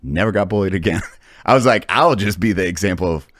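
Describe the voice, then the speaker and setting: A man in his thirties hosting a podcast, telling stories in casual chat with lots of swearing and loud acted-out quotes. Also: low-pitched, fast talker, no echo, studio quality. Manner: animated storytelling, heavy swearing, acts out quotes loudly. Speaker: podcast host.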